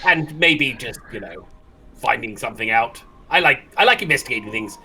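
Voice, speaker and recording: A man's voice: mid-range voice, expressive, moderate pace, pushed and bright, slight background noise, pitched below the performer's own voice. A man voicing an eccentric, curious tabaxi scholar who rambles and stammers with fussy enthusiasm. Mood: chatty.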